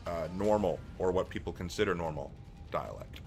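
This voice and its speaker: A man's voice: sits low, normal speed, creaky, faint music behind. A young man from the American South, chatty and teasing, commentating casually while he plays. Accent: mild Southern US, mostly suppressed. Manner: animated, chatty, teasing, laughs often. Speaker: gaming streamer. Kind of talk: casual live-stream commentary.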